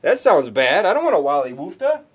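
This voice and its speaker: A man's voice: a little high, sing-song, a little fast, slightly rough. Rambling man hosting a card break. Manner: rambling, talks to chat viewers, restarts often. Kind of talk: casual livestream chat.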